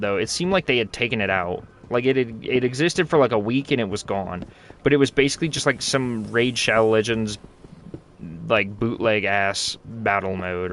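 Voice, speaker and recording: A man's voice: fairly low pitch, a bit bright, slight background noise. A young man casually commenting while playing a game, rambling, slangy and joking. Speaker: gaming channel host. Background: game music.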